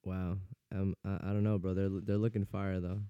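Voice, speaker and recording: Chill young dude on morning radio, slangy and easygoing, lowish voice. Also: male voice, level tone, moderate pace, clean tone, highs cut off. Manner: laid-back, slangy, easygoing. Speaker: radio show co-host. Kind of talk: casual morning radio chat.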